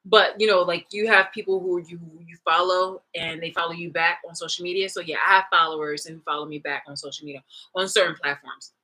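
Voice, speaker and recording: Woman vlogger, bright edgy tone, loose profane storytelling to camera. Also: lowish voice, brisk, poor audio. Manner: profane, animated, retelling a clip with laughs. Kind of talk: casual rambling monologue.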